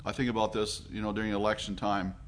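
A man's voice: lowish voice, flat delivery, fast talker, a little hiss or hum. A Canadian man preaching a sermon in an earnest, reflective way, with frequent restarts and fillers.

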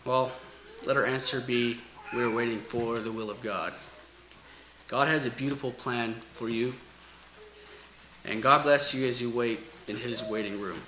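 A man preaching as a pastor, reading scripture and reciting a poem in an earnest, measured, dramatic way. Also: medium pitch, steady tone, pushed and bright. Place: church sanctuary. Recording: echoey church room, faint hiss.

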